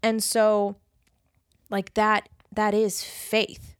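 A woman co-hosts a casual faith discussion in an earnest, animated voice. Her pitch sits at an ordinary middle height, and she slips into quoted voices as she talks. The sound is dry and close. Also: extremely slow, clear, resonant tone, no room sound. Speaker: podcast co-host.

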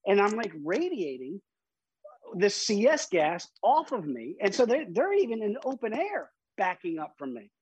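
A man's voice: high voice, huge pitch swings, normal speed, husky, no room sound, highs cut off. A man, an interview guest, vividly retelling a personal story with emphatic restarts.

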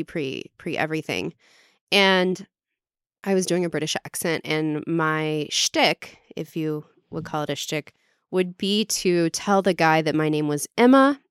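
Chatty, smooth-voiced woman podcaster. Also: low-pitched, dry recording, clean studio sound. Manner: chatty, self-deprecating, quick to laugh at herself. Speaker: podcast host. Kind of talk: casual monologue.

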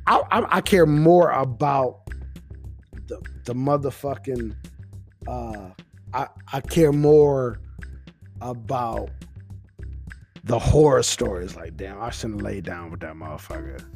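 Tipsy man with a gravelly voice. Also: mid-range voice. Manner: rambling, profane, laid-back. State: a little intoxicated. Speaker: podcast host. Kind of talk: casual rambling monologue.

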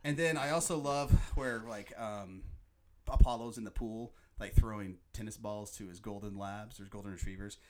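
A man hosting a podcast, chatting casually and excitedly about a movie, often quoting its lines. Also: lowish voice, moderate pace. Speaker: podcast host.

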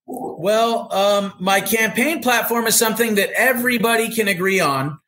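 A man's voice: sits high, moderate pace, pushed and bright. A man as a guest on a casual podcast interview, talking in an earnest way about spiritual ideas.

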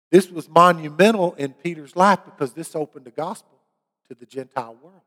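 Earnest preacher in a big hall. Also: male voice, sits high. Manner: earnest storytelling, rising to emphatic preaching. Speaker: pastor. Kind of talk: sermon with a personal testimony.

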